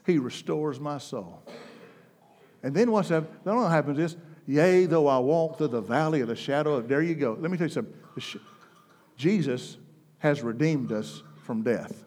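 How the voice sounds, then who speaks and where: A man preaching a sermon, impassioned, swinging between loud, soaring declarations and hushed, intense passages. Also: fairly high pitch, expressive, normal speed. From United States.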